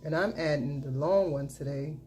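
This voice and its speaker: Low-voiced chatty woman doing her makeup. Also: normal speed, a little mellow, soft background music. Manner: chatty, repeats catchphrases and cheers herself on. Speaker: makeup vlogger. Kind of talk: casual makeup tutorial chat.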